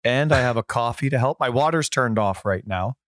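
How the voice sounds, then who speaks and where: A man in his thirties co-hosting a gaming podcast, a bit hoarse, rambling casually through stories from home. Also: mid-range voice, brisk, fairly bright tone, dry recording, clean studio sound. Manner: rambling, chatty storyteller. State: hoarse from a sore voice. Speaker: podcast co-host. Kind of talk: casual chat.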